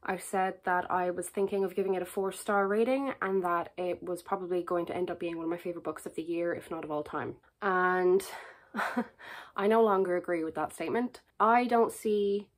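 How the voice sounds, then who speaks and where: A woman's voice: fairly low pitch, fairly even intonation, normal speed. Chatty woman with a book vlog. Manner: chatty, candid and self-mocking. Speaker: book vlogger. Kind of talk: casual reading vlog diary.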